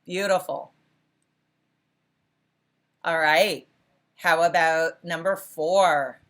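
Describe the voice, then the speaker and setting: Woman, college instructor, unhurried delivery, encouraging, fairly low voice. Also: fairly even intonation, a bit bright. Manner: encouraging, praises students often; self-correcting restarts. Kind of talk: interactive class lecture.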